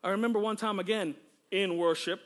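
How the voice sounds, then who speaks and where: High-voiced fervent preacher man. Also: fairly even intonation, brisk, a bit bright. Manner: fervent, exclamatory, with frequent praise interjections; conversational and joking with the congregation. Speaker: pastor. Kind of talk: sermon. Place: church service.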